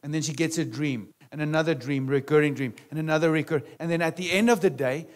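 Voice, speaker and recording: A man preaching a sermon in a conversational way, with rhetorical questions and a frequent "right?" or "amen?" to the congregation, sometimes dropping to quiet asides. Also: a little high, fast. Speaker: pastor.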